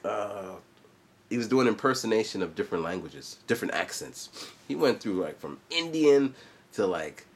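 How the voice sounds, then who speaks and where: Rambling, lively man in his forties. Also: fairly low pitch. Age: 40s. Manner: loose, rambling, full of asides. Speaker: vlogger and musician. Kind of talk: casual vlog chat.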